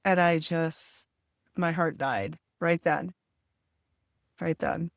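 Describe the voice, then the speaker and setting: A middle-aged woman tells a hard family story in a podcast conversation. She talks candidly and with feeling, acting out what others said. Her voice sits a little low and sounds dry and close to the mic. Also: steady tone, slow pace, creaky, dry recording. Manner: emotional, candid retelling with quoted dialogue. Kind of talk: personal storytelling in a podcast interview.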